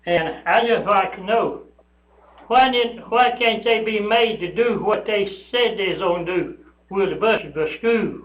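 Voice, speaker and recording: High-voiced older man, slow and aggrieved. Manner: rambling, aggrieved, repeats himself. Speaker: public commenter at county meeting. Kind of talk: public comment at a meeting. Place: county meeting room. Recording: echoey room, dull lo-fi sound.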